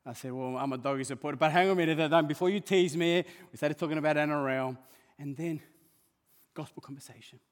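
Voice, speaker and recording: A male pastor preaching a sermon, swinging between hushed asides and loud emphatic calls. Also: fairly high pitch, fast, hardly any pauses, big-room sound.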